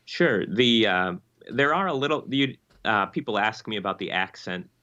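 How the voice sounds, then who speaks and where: A pastor from Michigan with an Upper Midwest accent, answering interview questions in a halting way with many ums and restarts. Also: male voice, on the low side, lively intonation, pushed and bright, muffled recording. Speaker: Lutheran pastor, interview guest.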